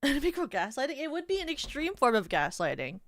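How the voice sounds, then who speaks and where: A woman's voice: high voice, sing-song, fairly quick, no room sound, studio quality. A woman VTuber streamer chatting casually, spinning rambling hypotheticals with lots of "like" and frequent giggles. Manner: giggly, rambling, heavy use of "like".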